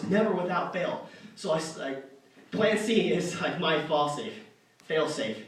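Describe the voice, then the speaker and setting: A man's voice: sits high, fairly bright tone. A young man telling a rambling, self-deprecating stand-up story on stage, full of fillers and restarts. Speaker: stand-up comedian. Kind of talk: stand-up comedy set. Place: arts center stage. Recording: echoey hall from far off.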